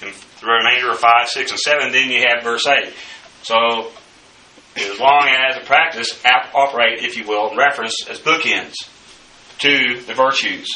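A man teaching the Bible verse by verse, in a slow, deliberate lecturing manner with frequent fillers. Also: medium pitch, steady tone, sharp tone, slight background noise. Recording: echoey room, mic at a distance.

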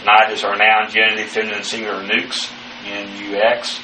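A man teaching the Bible verse by verse, speaking haltingly with many fillers and spelling out Greek words letter by letter. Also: fairly low pitch, monotone, bright, forceful tone, soft background music. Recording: echoey room, distant mic, faint noise.

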